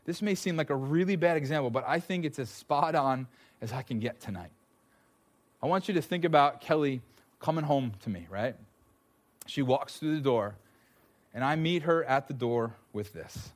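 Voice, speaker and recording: A man preaching a sermon, conversational and animated, acting out the voices he quotes. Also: medium pitch, normal speed. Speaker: pastor.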